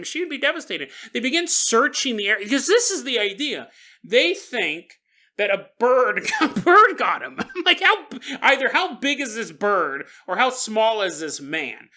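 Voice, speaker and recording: A male podcast host telling a paranormal tale as comedy. He talks to the listener with lots of laughs and asides. His voice is bright and bounces all over the place. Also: high voice. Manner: animated, laughing, jokes to the listener.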